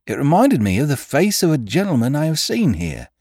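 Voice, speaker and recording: A man's voice: on the high side, sing-song, fairly quick, darkish tone, breathy edge, no echo, voice pushed up, full character voice. A man voicing a nervous, respectful gardener who tells his tale earnestly to his employer. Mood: earnest, uneasy. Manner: earnest, respectful, addresses others as sir. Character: nervous deferential male gardener, working man.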